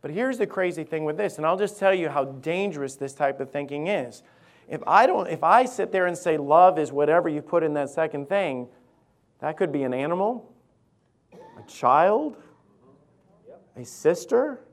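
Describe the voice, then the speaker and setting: Pastor guy preaching in church, fired up, says things twice to hammer them home, voice on the higher side. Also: fairly quick. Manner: impassioned, repeats key phrases for emphasis. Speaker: lead pastor. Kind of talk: sermon. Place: church sanctuary.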